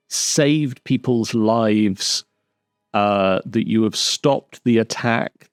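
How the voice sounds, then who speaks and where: A man narrating a tabletop game as dungeon master on a live stream, in an unhurried way with pauses. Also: mid-range voice, no room sound, clean studio sound.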